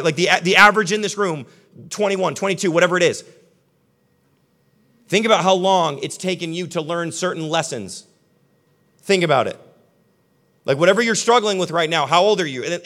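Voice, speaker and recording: A young male pastor delivers a sermon to a live congregation, with a slightly higher voice for a man. His delivery is conversational and emphatic, and he addresses his listeners directly. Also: a bit bright. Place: church hall with a live audience.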